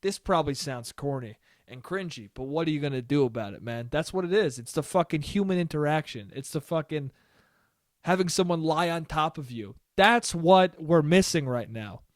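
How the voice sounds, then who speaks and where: A man's voice: on the high side, expressive, normal speed, dry recording, clean studio sound. A young man hosting a solo podcast, rambling in a casual, profane way and laughing often. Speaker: podcast host.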